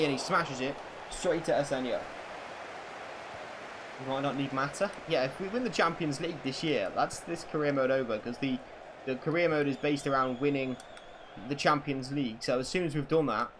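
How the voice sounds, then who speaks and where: A man on stream plays a football game, narrating it broadcaster-style and bantering with viewers; he's easily excited, swears, and bursts into shouts. His pitch is medium, and the background is noisy.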